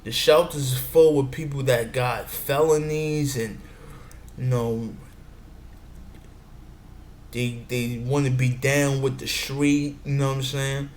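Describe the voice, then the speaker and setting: A man's voice: mid-range voice, fairly even intonation, slow, pauses often. A man giving advice in a meandering casual monologue, often saying "you know what I'm saying". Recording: echoey room with faint background noise.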